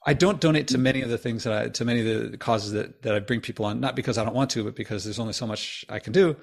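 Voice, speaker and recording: Fast-talking man hosting a podcast. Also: mid-range voice, gravelly. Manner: quick, animated, chatty with restarts. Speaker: podcast host. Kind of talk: casual conversation.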